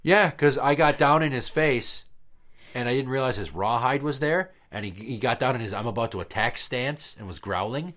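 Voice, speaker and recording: A man's voice: mid-range voice, expressive, normal speed, fairly bright tone. A man co-hosting a podcast, trading crude jokes and childhood stories in casual chat and acting out the other people in them. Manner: profane storyteller, acts out voices mid-story. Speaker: podcast co-host.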